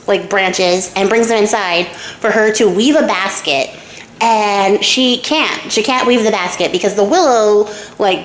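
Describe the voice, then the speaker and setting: A woman's voice: medium pitch, slight background noise. A young woman casually retelling a fairy tale at home, irreverent and chatty, swearing and acting out the characters' lines. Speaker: storyteller and craft channel host. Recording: echoey room.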